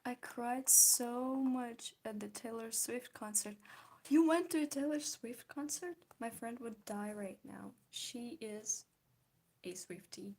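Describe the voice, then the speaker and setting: This young woman speaks slowly in a fairly high, mellow voice. She's streaming as she draws, casually talking with viewers, responding to their comments, and giggling frequently.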